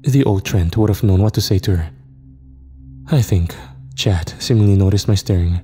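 A man narrating a first-person horror story in a steady, reflective way. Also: low-pitched, moderate pace. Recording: reverb with faint music.

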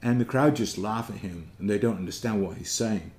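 The theology speaker talks a little fast here, his voice low and darkish. Thoughtful and searching for the right words, he lectures informally in an echoey space.

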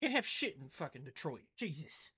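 A man's voice: on the high side, very animated, moderate pace, sharp tone, husky. A man in his twenties from the Southern United States, chatting casually with his live-stream audience in a playful, mock-indignant way and tripping over his words for comic effect. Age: 20s. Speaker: game streamer.

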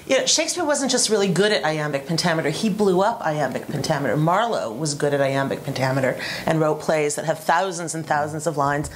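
An animated woman speaking on a roundtable panel, her voice a little low and rising eagerly as she makes her points. Faint noise hums behind her. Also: fairly quick, few pauses. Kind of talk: roundtable discussion.

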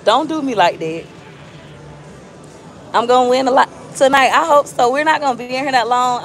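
A woman gambling on a live stream in a casino, coaxing the slot machine and chatting with her viewers. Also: on the high side. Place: casino floor.

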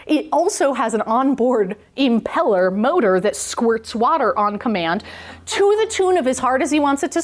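A woman professor giving a public science talk in an enthusiastic, jokey, storytelling way. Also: fairly high pitch. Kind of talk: lively science lecture to a club. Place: in-person talk in a meeting hall.

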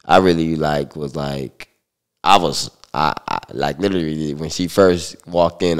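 A man recounting a personal story in a relaxed interview, talking loosely with many fillers. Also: very deep voice, a little slow, clear, resonant tone. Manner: relaxed, loose, full of fillers like "like" and "you know". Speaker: guest.

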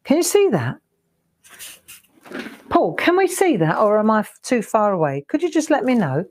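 A woman's voice: on the high side, very animated, moderate pace, long pauses, a little mellow. A woman leading a live craft demonstration, chatting and counting strokes aloud as she draws. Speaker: craft tutor. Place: home craft studio.

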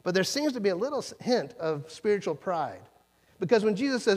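A man preaching a sermon in a conversational way, acting out quoted lines with sudden jumps in pitch. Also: big pitch swings, fairly quick. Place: church sanctuary. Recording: long church reverb.

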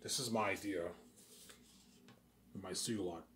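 This is a deep-voiced young man from Canada, speaking at a normal speed with a fairly bright tone. He's vlogging to viewers in a repetitive, meandering way, restarting lines and boasting as he daydreams about his plans.

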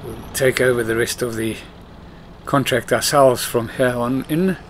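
A man at an ordinary mid pitch talks through his farming game in a loose, conversational way. He mutters to himself and tells off the game's clumsy drivers. A machine engine hums softly behind his voice. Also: fairly even intonation, unhurried, a little hiss or hum. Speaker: let's play host. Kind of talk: casual gameplay commentary.

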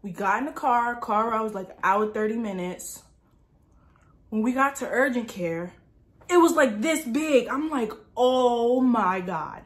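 A woman's voice: on the high side, normal speed. A woman in her early twenties from New Jersey, telling a story casually and dramatically with lots of filler words. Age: early 20s. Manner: chatty, dramatic retelling with many "like" fillers. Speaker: lifestyle vlogger.

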